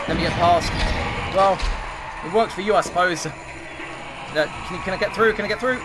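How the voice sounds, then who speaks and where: A man giving live commentary over his own gameplay, thinking aloud and swearing at the game in exasperation. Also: on the high side. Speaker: gaming commentator. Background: game music.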